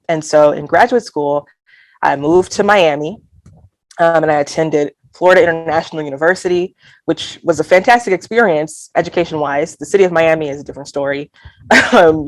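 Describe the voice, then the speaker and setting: This woman from Alabama has a deep voice, captured with no room sound. She's a guest poet in a reflective, conversational interview, speaking candidly and earnestly, laughing lightly and quoting her own inner thoughts.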